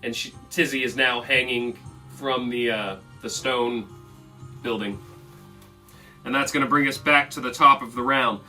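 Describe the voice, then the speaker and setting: A man's voice: mid-range voice, fairly even intonation, measured pace, long pauses, pushed and bright. A man narrating as game master in a casual, loose way with fillers. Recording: distant mic with faint music.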